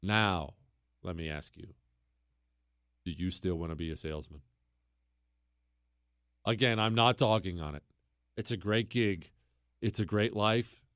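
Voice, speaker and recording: A man hosting a radio talk show, telling a story in an animated, joking way and teasing his co-host. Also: deep voice, a little slow, long pauses, no room sound, clean studio sound.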